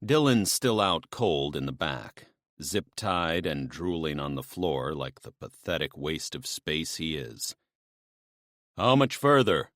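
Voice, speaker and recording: A man narrating a romance audiobook in an expressive first-person storytelling voice. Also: rumbling low, measured pace, no echo, studio quality.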